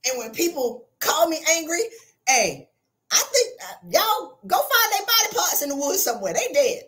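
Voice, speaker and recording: Woman podcast host, super lively high voice, blunt preachy, says it again and again. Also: moderate pace. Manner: blunt, preachy, repeats lines for emphasis. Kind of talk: animated motivational talk.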